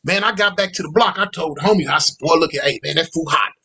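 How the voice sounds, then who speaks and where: Male storyteller, high-pitched, loose and slangy, acts out every quoted line. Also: fast talker, pushed and bright, husky. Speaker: storyteller recounting prison life. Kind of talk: casual storytelling monologue.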